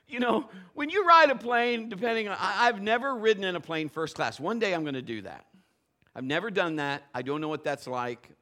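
A man's voice: a little high, sharp tone. A middle-aged man, a pastor, telling a funny story in a sermon and acting out the voices, laughing often.

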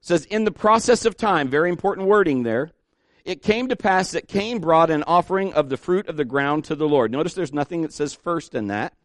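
A man's voice: a little high, animated, fairly quick, no room sound, studio quality. A middle-aged man preaching a folksy, emphatic sermon as pastor, repeating key words for stress.

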